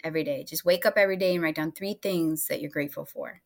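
A woman's voice: low-pitched, quick pace. A woman hosting a podcast interview, speaking in a reflective, conversational way and laughing lightly between points. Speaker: podcast host.

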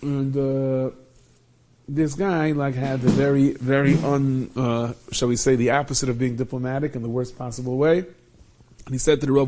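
Guy spinning an old hasidic story, warm low-key tone, lots of yiddish words mixed in. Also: normal speed, slight background noise. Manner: lively retelling with many Yiddish and Hebrew terms. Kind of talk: telling a Hasidic tale.

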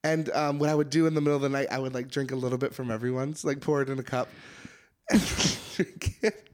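A young man co-hosting a podcast, telling animated stories with acted-out quotes, laughing often and swearing casually. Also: mid-range voice, brisk. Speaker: podcast co-host. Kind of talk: casual chat.

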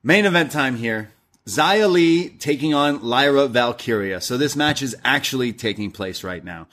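A man co-hosting a wrestling review podcast, chatting casually. He recaps scenes with frequent laughs and quick mimicry of the lines. His pitch sits in an ordinary middle range. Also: animated, a bit bright. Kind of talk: casual chat.

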